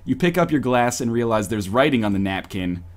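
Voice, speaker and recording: Animated man reading a romance story aloud. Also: mid-range voice, brisk. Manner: animated, breaks off for joking asides. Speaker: podcast co-host.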